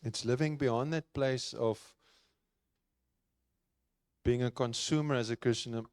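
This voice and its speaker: A man's voice: mid-range voice, fairly even intonation, measured pace, clean tone, dry recording, studio quality. A man preaching a sermon in an earnest, conversational way, repeating key phrases for emphasis. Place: church.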